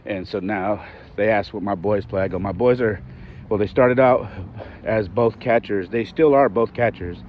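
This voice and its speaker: A man in his forties tells a story in an easy, chatty way, slipping in quoted back-and-forth as he goes. His voice sits on the low side, and the recording is dull and lo-fi with a faint hum of background noise. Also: normal speed. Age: 40s. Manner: retells conversations, acting out both sides. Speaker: podcast host. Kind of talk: casual storytelling.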